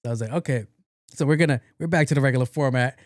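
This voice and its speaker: A young man hosts his own podcast and spins a funny story in a loose, swearing, lively manner. His voice sits in a medium pitch range. It sounds close to the mic and dry, with almost no room sound. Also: racing, no echo. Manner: animated, profane, laughs at his own story. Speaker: podcast host. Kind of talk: casual comedic storytelling monologue.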